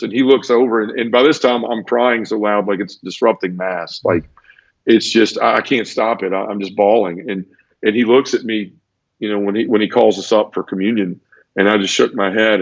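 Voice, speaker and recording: His voice fairly low and his tone steady, the man recounts his conversion a little fast, earnest and emotional throughout. Words get repeated, quoted voices get performed, and the recording sounds dull and lo-fi.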